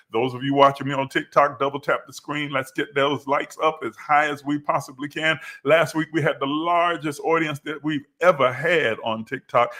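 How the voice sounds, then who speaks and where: Male spiritual teacher with a bright, ringing voice, hosting a live stream and driving points home by repetition. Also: mid-range voice.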